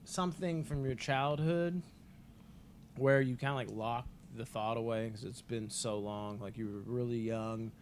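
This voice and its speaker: A man's voice: medium pitch, fairly even intonation, a little slow, darkish tone, slight background noise. A man in his twenties, a podcast co-host telling a long story in a casual, rambling way, full of filler words and swearing.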